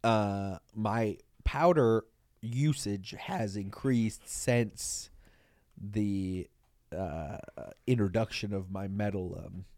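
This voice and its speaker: A man co-hosting a comedy podcast, rambling through absurd bits with halting fillers and a deadpan tone. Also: on the low side, no echo, clean studio sound. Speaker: podcast co-host. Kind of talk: casual comedic chat.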